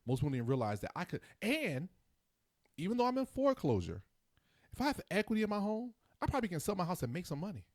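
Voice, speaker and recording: A man in his forties talks fast and with a lively, swooping pitch, his voice sitting a little high for a man. He rants about everyday things in casual podcast chat and slips into quick impressions of other people. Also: dry recording, clean studio sound. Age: 40s. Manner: animated, ranting, mimics others in quick asides. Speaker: host.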